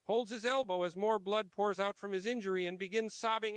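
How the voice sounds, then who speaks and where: A man's voice: high voice, steady tone, fairly quick, smooth, no room sound. A man reading out story narration in a matter-of-fact way.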